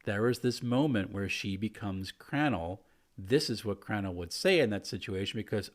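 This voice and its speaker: A man who is a game master, telling a story from his tabletop game in a relaxed, chatty way with fillers. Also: lowish voice, normal speed. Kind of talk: casual storytelling.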